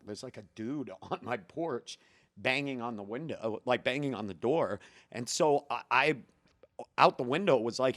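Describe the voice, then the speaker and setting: A man, a guest comedian, telling a story in casual podcast talk, animated and profane, often laughing mid-story. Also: mid-range voice, measured pace, dry recording, clean studio sound.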